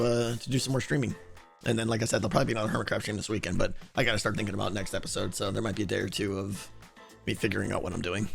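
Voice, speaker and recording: A man streaming a game, chatting casually with viewers and thinking aloud, with a hoarse voice and many restarts. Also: mid-range voice, fairly bright tone. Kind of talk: casual livestream chat answering viewers.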